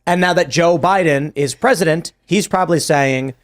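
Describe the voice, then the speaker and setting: A man hosting a political podcast, quick and wry as he leads the talk. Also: on the high side. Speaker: podcast host. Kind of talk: casual political chat.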